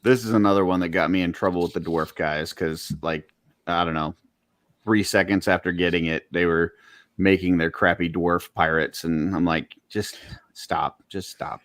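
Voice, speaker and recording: A man with a very deep voice talks casually as a podcast co-host. He rambles through long lists full of fillers and restarts. His mic sounds close and dry, with no room around it. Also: steady tone, normal speed, fairly bright tone, dry recording. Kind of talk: casual chat about collectible toys.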